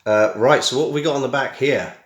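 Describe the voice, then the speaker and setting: Talking fast at a medium pitch, a middle-aged British man narrates a casual home unboxing with plenty of wry jabs at himself. He's a tech vlogger recording on a camera mic in a small, echoey room.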